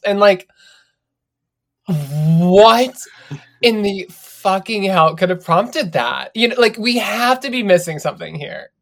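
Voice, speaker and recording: A podcast co-host recapping a reality show in casual, animated chat, swearing freely and laughing often. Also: mid-range voice, takes it slowly.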